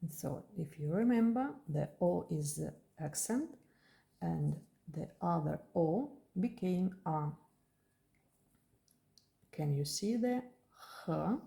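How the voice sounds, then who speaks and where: A woman's voice: fairly low pitch, expressive, slow pace, gravelly, dark tone. A woman teaching a language lesson, carefully repeating words and drilling pronunciation.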